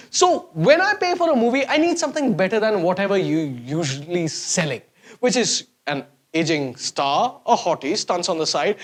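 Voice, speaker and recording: Guy doing a sarcastic comedy rant, kinda high voice, all over the place with it. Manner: sarcastic, mocking, exaggerated swings of voice. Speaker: host.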